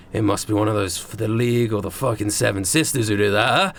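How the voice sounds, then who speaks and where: A man voicing a furious, wrinkled master chef with a put-on British accent, shouting and swearing at everyone. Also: on the low side, steady tone, normal speed, natural voice. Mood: raging.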